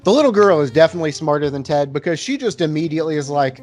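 A man with a slightly high voice talks through a film on a casual podcast. He rambles in relaxed, filler-heavy sentences, with faint guitar music behind him. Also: rapid-fire, hardly any pauses.

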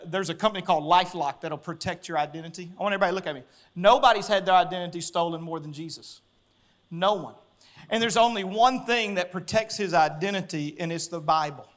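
A man, preaching a sermon as pastor and telling a story with lively acted-out voices. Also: high voice, a little fast. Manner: animated storyteller, acting out voices, laughing.

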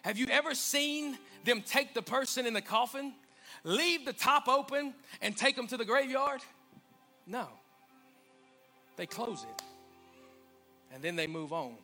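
A man preaching a sermon as pastor, swelling to emphatic peaks and dropping to hushed lines. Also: extremely high pitch, animated, unhurried, pauses often, faint music behind. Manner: preaching with rising, emphatic swells and quiet drops. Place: church sanctuary.

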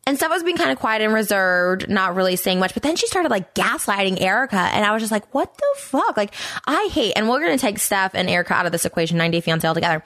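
Fast-talking, profane woman podcast host. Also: no room sound, studio quality. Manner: blunt, profane, rambling with many fillers; animated, pitch jumping high when worked up. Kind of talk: casual commentary monologue.

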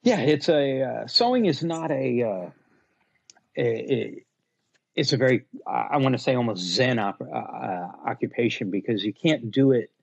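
A man with a gravelly, husky voice tells stories in a casual podcast interview. He is blunt and animated, with lively swings in pitch. The sound is a little dull and lo-fi. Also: normal speed, no echo. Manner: blunt, animated storyteller acting out customers. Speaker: guest, luggage company owner.

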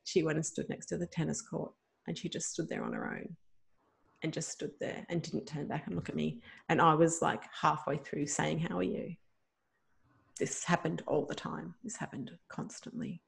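A middle-aged woman, a guest telling a personal story in an emotional, animated way with many fillers. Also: deep voice, moderate pace, gravelly.

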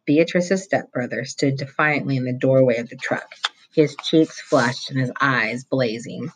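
A teacher reading a novel chapter aloud to a class in a steady storytelling manner. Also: mid-range voice, a little slow, background noise.

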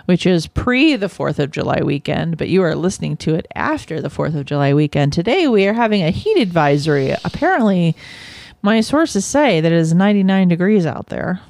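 Lady co-hosting a chill podcast, kinda low voice, giggly and chatty, super dry sound. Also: sing-song, fairly quick, gravelly, a little mellow, no room sound. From California. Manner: laughs often, chatty and playful. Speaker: podcast host. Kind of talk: casual chat.

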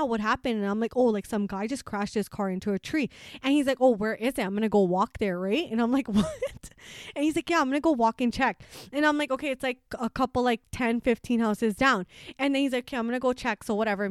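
A woman in her twenties chatting casually, telling animated stories and acting out what her family said. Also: fairly high pitch, no room sound, clean studio sound. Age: 20s. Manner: animated storyteller, acts out family quotes, laughs often. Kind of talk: casual chat.

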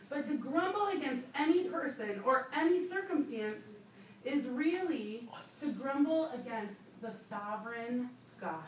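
High-voiced woman teaching in a roomy church. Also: lively intonation, a little slow, a little hiss or hum. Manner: conversational, laughing asides, emphatic repetition. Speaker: women's Bible study teacher. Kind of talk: sermon teaching. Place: church room. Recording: roomy, distant mic.

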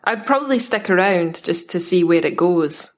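Scottish lady cohosting a podcast, lowish voice, teasing and skeptical. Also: lively intonation, moderate pace. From Scotland. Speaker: podcast co-host. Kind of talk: casual chat.

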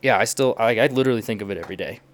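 A man's voice: fairly low pitch, very fast. A young man from the United States chatting casually and telling stories, laughing often as he talks. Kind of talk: casual chat.

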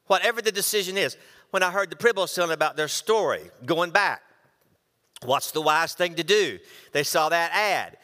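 Bright-voiced man preaching a sermon, hall echo. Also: a little high, normal speed. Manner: animated, reads scripture and acts out quotes. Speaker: pastor. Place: church.

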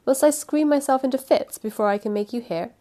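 A woman voicing a frantic, furious old man in a storybook reading, shouting and pleading. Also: high voice, fairly quick, voice pushed up, natural voice.

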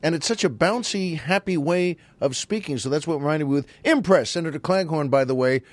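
Male podcast host, rambling storyteller, fairly high voice, dry close recording. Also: a little fast, no echo. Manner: rambling, digressive, chuckling storyteller. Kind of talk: casual comic monologue.

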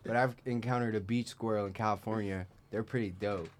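A man's voice: on the low side, fairly even intonation, a little fast, a crowd in the background. A man chatting casually as a podcast guest, joking around and swearing freely. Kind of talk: casual chat.

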